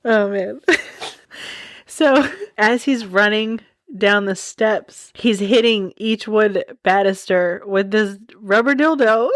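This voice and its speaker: A woman's voice: mid-range voice, steady tone, slow pace, no room sound. A woman in her forties hosting a podcast, telling stories in a chatty way, with wry asides and frequent giggles. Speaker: podcast host. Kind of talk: casual storytelling podcast.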